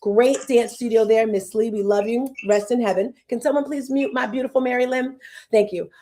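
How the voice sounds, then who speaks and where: A woman in her fifties with a warm, fairly high voice hosts a loose, rambling talk, with slight noise in the background. She gets emotional, takes rapid detours, and is sometimes close to tears.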